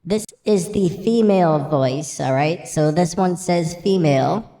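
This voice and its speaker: A man demonstrating a voice changer that raises his pitch. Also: measured pace, dark tone. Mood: playful. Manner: playful demo of effects. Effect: voice changer raising pitch. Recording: echoey hall reverb effect.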